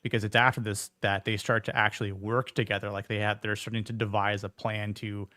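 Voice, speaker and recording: A man's voice: lowish voice, flat delivery, a little fast, pushed and bright, dry recording, clean studio sound. A man hosting a casual podcast discussion, hesitant and full of fillers and restarts. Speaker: podcast host.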